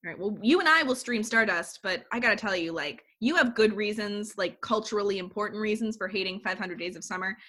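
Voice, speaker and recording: A podcast co-host, a woman, chats casually and animatedly retells a film's plot, leaning heavily on the word "like." Her voice is medium-pitched, and she talks fairly quickly with few pauses.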